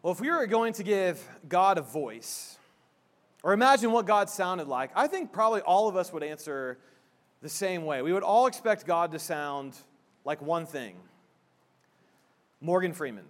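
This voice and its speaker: Pastor, man, slightly higher-pitched voice; easygoing sermon delivery, restarts his sentences often. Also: expressive, moderate pace. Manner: conversational preaching with frequent restarts; soft, hushed prayer.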